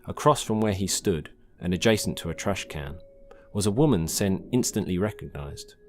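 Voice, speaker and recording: A man reading his own short science-fiction story aloud in a calm, measured narration. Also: low voice, a little hiss or hum. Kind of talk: scripted narration.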